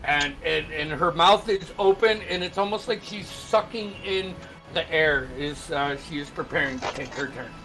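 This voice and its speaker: A man running a tabletop game as game master, talking slowly with many pauses and fillers. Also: a little high. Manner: slow, halting, with many fillers. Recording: music playing under the voice.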